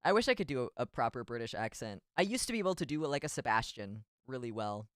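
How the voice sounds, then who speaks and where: Male vtuber, giggly rambling chat, smooth clear voice, dry close sound. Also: medium pitch, very animated, quick pace, a bit bright, dry recording. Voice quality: rambling, giggly, self-deprecating. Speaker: VTuber streamer. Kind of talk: casual stream chat.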